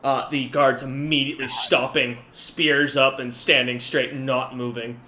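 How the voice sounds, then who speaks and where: Bright sounding guy running a tabletop game, lots of ums, echoey room. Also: mid-range voice, level tone, measured pace, a little hiss or hum. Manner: rambling, filler-heavy narration. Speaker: game master. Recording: roomy echo.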